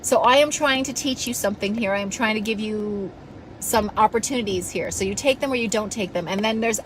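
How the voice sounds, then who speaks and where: A woman's voice: mid-range voice, a little fast, a bit bright, a little hiss or hum, poor audio. A woman coach giving a passionate, blunt motivational talk to her followers, scolding them now and then and swearing casually. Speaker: self-help coach.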